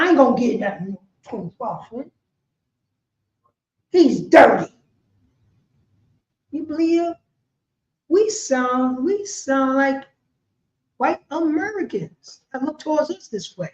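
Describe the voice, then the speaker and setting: A woman leading a religious class in an animated, slangy street style, peppering her talk with "you know what I mean.". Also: high-pitched, slow, pauses often. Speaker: class teacher. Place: indoor meeting hall. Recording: echoey, dull lo-fi room audio.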